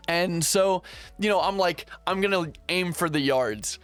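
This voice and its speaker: A young man telling a story casually, slangy and animated, playing out his own past lines. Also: high-pitched, a little slow, clean tone, no room sound, faint music behind.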